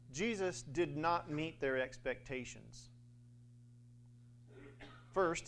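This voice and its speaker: A man's voice: mid-range voice, a little hiss or hum. A man preaching a sermon in a conversational way, with fillers and little acted-out quotes.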